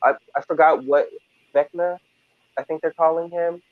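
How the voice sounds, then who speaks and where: A man co-hosting a casual review discussion, animated and hesitant, with many fillers. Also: on the high side, moderate pace, no echo. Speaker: podcast co-host. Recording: tinny, dry phone-like line.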